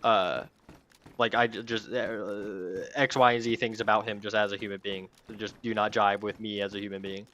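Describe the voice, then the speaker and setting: A young man chats loosely while gaming, leaning on fillers and dropping swear words as he goes. His voice has a bright, forward edge. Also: on the low side, level tone, normal speed, dull audio. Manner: rambling, filler-heavy, swears freely. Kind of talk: casual chat while gaming.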